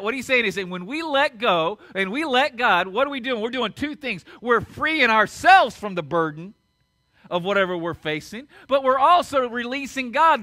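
A middle-aged male pastor preaching a sermon in a church sanctuary, swinging from loud emphatic peaks down to hushed, low passages. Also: dry recording, studio quality. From United States.

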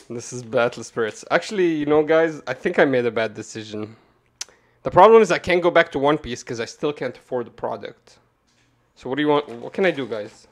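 A man giving casual, rambling commentary to his chat while opening card boxes, swearing and jumping from calm talk to loud rants. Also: mid-range voice, a little fast. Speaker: card game streamer.

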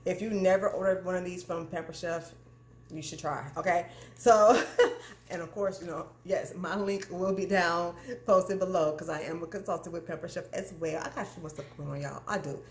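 A woman's voice: lowish voice, normal speed. Chatty woman vlogging in her kitchen. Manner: animated, addresses viewers as "y'all", frequent "okay?". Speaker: cooking channel vlogger. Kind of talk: casual chatty unboxing vlog. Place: home kitchen. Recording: echoey kitchen with clear background noise.

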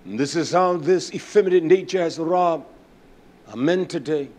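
A man preaching a sermon, emphatic and rising at times to shouts. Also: fairly high pitch, moderate pace.

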